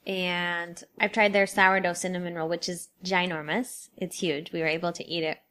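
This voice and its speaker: A woman's voice: lowish voice, level tone, normal speed, fairly bright tone. A woman chatting casually about a bakery's cookies and pastries, easygoing and agreeable. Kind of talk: casual food review chat.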